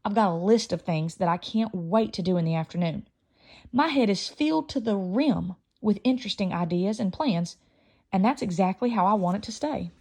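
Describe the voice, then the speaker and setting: Woman, audiobook reader, children's novel, lively first-person storytelling, medium pitch. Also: moderate pace. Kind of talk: reading a children's novel aloud.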